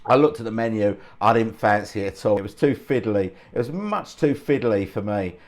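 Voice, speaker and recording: A man's voice: fairly low pitch, lively intonation, brisk, a little mellow. A man hosts his own channel and tells a story casually. He sounds chatty and self-deprecating and chuckles often as he talks. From England. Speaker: channel host.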